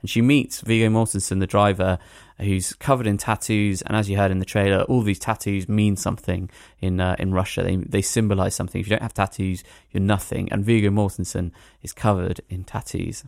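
A man hosting a podcast, reviewing a film in a rambling, animated way with plenty of hedging fillers. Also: sits low, fairly quick, vocal fry, few pauses, dry recording, studio quality. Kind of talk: casual podcast chat.

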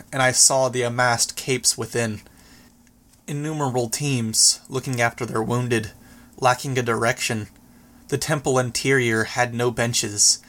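A man narrating a first-person story as an audiobook, reading in a steady, even way. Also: medium pitch.

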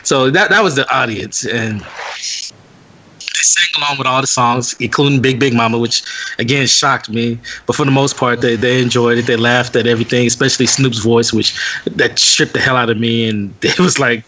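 A man's voice: mid-range voice, normal speed. A young man hosting a podcast, telling a story in casual chat, acting out what people said and laughing often. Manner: animated storyteller, acts out quotes, laughs often. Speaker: podcast host.

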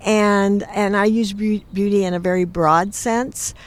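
A woman's voice: mid-range voice, fairly even intonation. Teary woman talking about art. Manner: emotional, halting, searching for words. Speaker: interviewee, arts lover. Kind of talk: reflective conversation.

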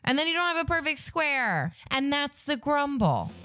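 Woman co-host, animated, playful griper, very lively pitch. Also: moderate pace, music in the background. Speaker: podcast co-host. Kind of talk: casual banter.

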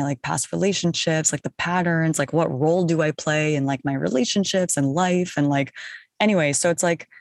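A young woman with a low voice chats loosely, piling up fillers as she thinks aloud. The sound is dry and close, recorded in a small closet. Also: dry recording. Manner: rambling, says "like" often, laughs easily. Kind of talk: casual conversation.

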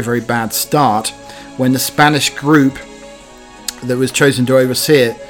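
A man hosting a comic news podcast, rambling cheekily and pausing often with fillers. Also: mid-range voice. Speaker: podcast host.

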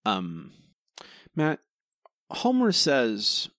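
Male co-host, animated and exasperated, mid-pitched, dry close-mic sound. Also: drawn-out words, dry recording. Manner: animated, exasperated, laughs often. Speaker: podcast co-host. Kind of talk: casual chat.

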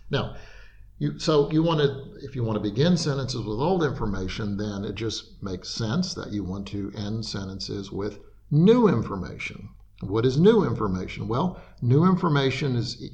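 A man explaining writing principles in an interview, patient and methodical, pausing now and then to restart a thought. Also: mid-range voice, highs cut off. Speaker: writing expert guest.

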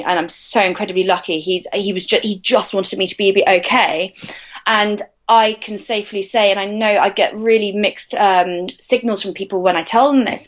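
A woman in her thirties, a podcast guest, telling a personal story candidly in a chatty, hesitant way. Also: medium pitch. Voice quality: chatty, hesitant, many fillers and restarts.

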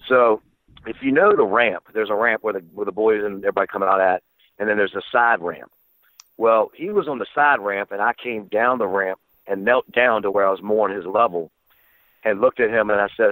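Guesting on an interview, a wrestling referee tells backstage stories candidly and casually, with plenty of fillers and swearing. His fairly low, slightly bright voice moves a little fast over a tinny phone line with no room sound.

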